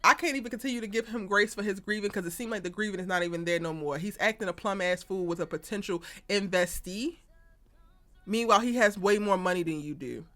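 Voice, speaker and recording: A woman's voice: mid-range voice, quick pace, a bit bright, faint music behind. A woman hosting a TV episode breakdown, blunt and exasperated, cursing freely and speaking straight to her viewers. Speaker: TV recap host.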